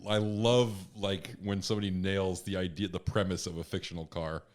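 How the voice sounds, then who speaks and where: A man's voice: low voice, level tone, normal speed, a little mellow. A man co-hosting a podcast, casual and wry, teasing his co-hosts and steering the talk. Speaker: podcast co-host. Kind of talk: casual chat.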